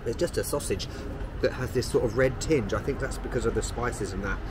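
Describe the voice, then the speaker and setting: A man's voice: medium pitch, a little fast, heavy background noise. Chatty London man vlogging outdoors. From London, England. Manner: chatty, cheeky, self-mocking. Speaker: travel vlogger. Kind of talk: casual vlog commentary. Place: on a train, city streets and a chip shop.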